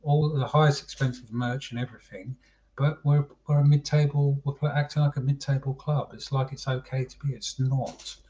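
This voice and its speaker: A man's voice: mid-range voice, level tone, moderate pace, mellow. A man hosting a casual football chat livestream, chatty and calling his viewers mate. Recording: dull lo-fi stream audio.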